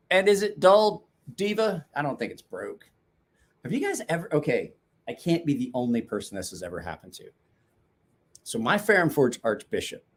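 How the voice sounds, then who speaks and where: A man in his forties hosting a casual knife-sharpening chat show from his garage, rambling, swearing and laughing often. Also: mid-range voice. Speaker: knife sharpening podcast host. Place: home garage.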